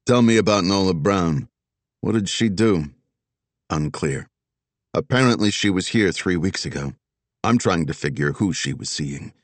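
A guarded female FBI agent speaking in short, deadpan lines, voiced by a male narrator in an audiobook. The voice stays low and close-miked, with no room sound. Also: a little slow, no echo.

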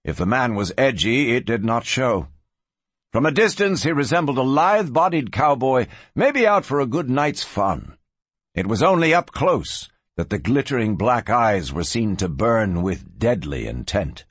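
A man reading a western story aloud in a dramatic, expressive narration. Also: mid-range voice, measured pace, slightly rough, no echo. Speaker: audiobook narrator.

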